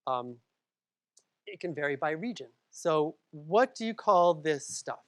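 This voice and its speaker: A woman's voice: low-pitched, expressive, measured pace. A woman from Massachusetts giving a public library lecture, conversational, with frequent ums and asides to the audience.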